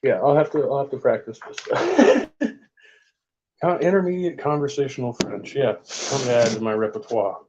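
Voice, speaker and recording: A man casually reading book passages aloud in a vlog, with offhand asides and halting attempts at French. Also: medium pitch, sing-song, darkish tone, highs cut off, a little hiss or hum. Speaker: vlogger.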